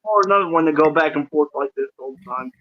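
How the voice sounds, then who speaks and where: A man's voice: fairly high pitch, expressive, fast talker, creaky, dull audio. A man who is a guest on a casual live chat, joking and bantering with the host. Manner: jokey, banters back.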